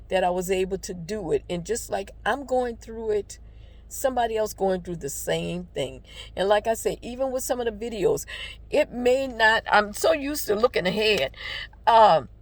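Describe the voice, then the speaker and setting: An older woman speaks in a low, gravelly voice. She tells a personal story in a heartfelt, rambling way, with many ums and restarts, then turns it into gentle encouragement. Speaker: devotional vlogger. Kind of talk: casual personal testimony with encouragement.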